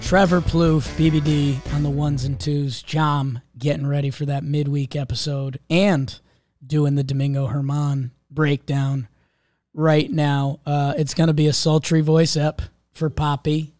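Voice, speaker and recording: A hoarse man who has lost his voice, hosting a casual sports podcast with a jokey manner. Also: on the high side, flat delivery, measured pace, darkish tone, no echo, studio quality, faint music behind. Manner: jokey, drops into gravelly impressions. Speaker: podcast host.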